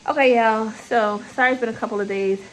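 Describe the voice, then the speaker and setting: A woman's voice: medium pitch, fairly even intonation, fast talker, loud music behind the voice, poor audio. A mother vlogging in a casual, rambling way from her home kitchen while cooking, chatting to viewers as y'all. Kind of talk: casual vlog chat.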